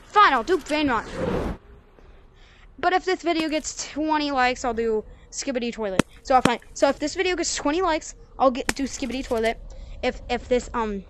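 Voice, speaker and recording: Teen girl yapping over her game, high voice, gets loud n frustrated a lot, bit of background hiss. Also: normal speed. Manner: excitable, yells at failures, rambling. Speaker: gaming channel creator. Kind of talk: casual gameplay commentary.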